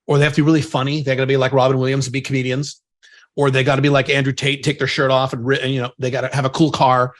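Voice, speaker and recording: A man's voice: on the high side, a bit bright. A man co-hosting a podcast in casual chat, talking bluntly and emphatically, with some profanity. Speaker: podcast co-host.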